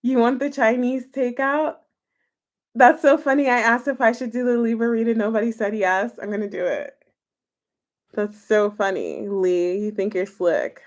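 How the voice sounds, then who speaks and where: A woman's voice: fairly high pitch, normal speed. A woman tarot reader chatting casually with her live-stream viewers, giggly and chatty as she answers their comments.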